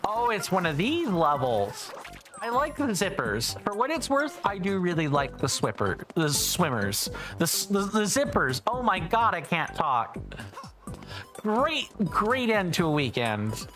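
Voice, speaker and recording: A woman's voice: fairly low pitch, sing-song, measured pace, over music. A woman streamer chatting casually and self-deprecatingly while she plays, often stumbling over words, with some phlegm in her throat. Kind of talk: casual live game commentary.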